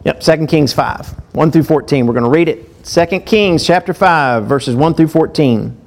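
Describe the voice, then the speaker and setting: A man preaching a sermon. He reads scripture aloud with lively emphasis and breaks off into chatty asides to his listeners. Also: on the high side, moderate pace, gravelly.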